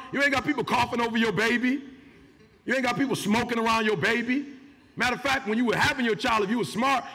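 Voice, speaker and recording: Fiery motivational preacher, gravelly voice. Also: male voice, high voice, sharp tone. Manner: preachy call-and-response, slangy, emphatic. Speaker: motivational speaker. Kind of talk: motivational speech to a live audience. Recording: live hall with long reverb.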